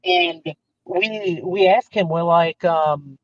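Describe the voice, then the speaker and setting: A man chatting casually as a guest, telling a story with animated acted-out quotes. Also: fairly high pitch, slow, no echo, highs cut off.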